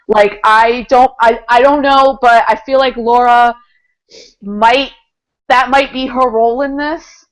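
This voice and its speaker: A woman's voice: fairly high pitch, moderate pace, rough recording. A woman co-hosting a casual podcast, talking enthusiastically about a comic book, laughing often and filling her speech with "like" and "um". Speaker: podcast co-host.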